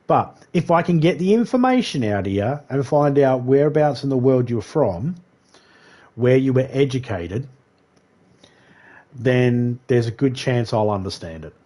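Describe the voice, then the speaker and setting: A man's voice: medium pitch, lively intonation, a little slow, dark tone. Aussie guy on a live game stream, rambly and chatty, laughs a lot, talks to his chat.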